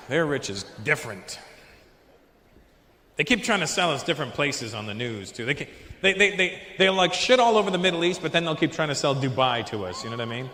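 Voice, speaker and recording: Stand-up comic in a roomy hall. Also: male voice, a little high, animated, brisk, noisy background. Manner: chats with the crowd, jumps into silly put-on voices. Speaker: stand-up comedian. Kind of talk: stand-up routine. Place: large comedy venue with a live audience. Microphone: handheld stage mic. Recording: roomy hall, long reverb.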